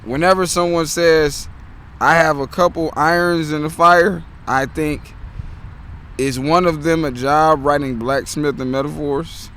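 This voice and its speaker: A man from Detroit, a street performer, reading one-liners slowly and deliberately outdoors on a city street. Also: a little high, steady tone, fairly bright tone, slight background noise. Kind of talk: casual joke reading.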